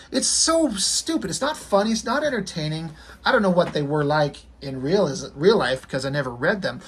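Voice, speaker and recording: A man's voice: high-pitched, a bit bright, husky. A man giving a casual, rambling, enthusiastic commentary on comic strips. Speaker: comic reviewer.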